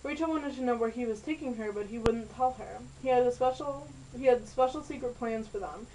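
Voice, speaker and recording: A woman narrating an amateur story in a plain, unhurried reading. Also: a little high, background noise.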